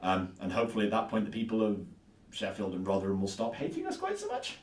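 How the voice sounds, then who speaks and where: Agreeable low-voiced young man, echoey room. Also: huge pitch swings, fast talker. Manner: agreeable, thinks aloud with frequent "yeah" and restarts. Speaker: podcast co-host and tabletop player. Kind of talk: casual podcast chat. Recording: echoey room, far from the mic.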